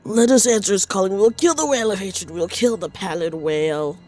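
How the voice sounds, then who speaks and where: A woman's voice: medium pitch, brisk, darkish tone, faint music behind, natural voice. A woman streamer voicing a grandiose old female ship captain, improvising a mock-solemn, archaic voice-over.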